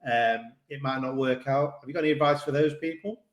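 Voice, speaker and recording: A man's voice: medium pitch, fairly quick, lo-fi sound. A man co-hosting a podcast who asks short, easygoing questions. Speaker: podcast co-host. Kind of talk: casual podcast conversation. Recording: roomy echo.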